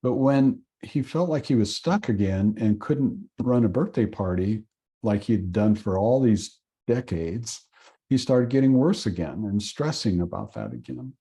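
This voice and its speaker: A man from Oregon teaching an acupuncture course, telling a patient story in an earnest way and pausing often with fillers. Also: fairly low pitch, warm tone. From Oregon, USA. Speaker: acupuncture instructor. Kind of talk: storytelling lecture.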